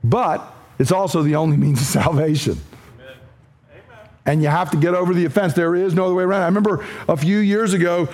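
A man's voice: sits high, fairly quick, a little mellow. A man preaching an expository sermon, speaking emphatically and repeating his points for stress. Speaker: pastor.

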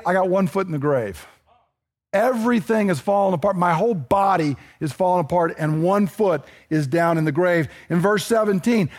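A man preaching a sermon in a conversational, emphatic way, often checking in with his listeners. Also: sits high. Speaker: pastor.

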